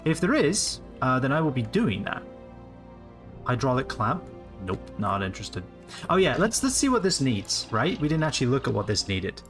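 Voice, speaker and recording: A man's voice: medium pitch, sing-song, moderate pace, fairly bright tone, soft background music. A man in his late twenties giving rambling, casual live commentary on a game he is streaming, swearing freely as he goes. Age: late 20s.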